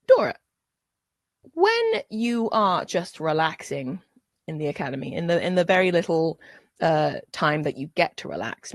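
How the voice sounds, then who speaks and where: A woman's voice: lowish voice, dry recording, clean studio sound. A woman hosting a tabletop game stream as game master, chatty and giggly. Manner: chatty and giggly, with frequent fillers.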